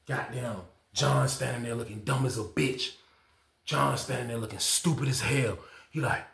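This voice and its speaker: A man telling a prison story in casual slang, acting out the people he quotes with loud shouts. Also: medium pitch, fairly quick, vocal fry, roomy sound.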